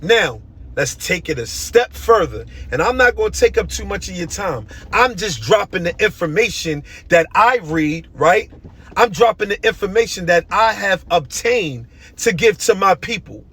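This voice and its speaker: A man's voice: high voice, animated, moderate pace, a bit bright, slightly rough. A young man delivering an impassioned, emotional monologue, hammering his points with repeated phrases.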